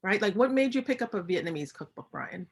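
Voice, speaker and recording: A woman's voice: mid-range voice, lively intonation, a little fast, slightly rough. A woman speaking as a guest on a radio chat, enthusiastic and upbeat, with food metaphors. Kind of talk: casual radio conversation.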